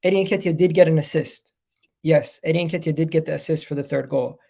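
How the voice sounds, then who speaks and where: A man hosts a live football reaction stream with a stuffy, nasal voice from a cold. His voice sits a little high and has a gravelly edge. He hammers home each point by repeating it with hyped conviction. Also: brisk, warm tone. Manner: repetitive, emphatic, hyped. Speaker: football fan channel host.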